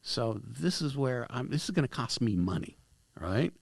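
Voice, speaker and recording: Gravelly man telling a story. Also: mid-range voice, normal speed. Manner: animated, acts out dialogue with lively shifts. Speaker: guest, screenwriter and director. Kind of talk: casual anecdotal storytelling. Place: podcast studio.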